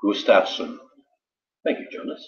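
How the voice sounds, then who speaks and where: A man's voice: measured pace, fairly bright tone. A man casually hosting a quiz night, full of joking, rambling asides. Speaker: quiz host. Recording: roomy, dull lo-fi sound.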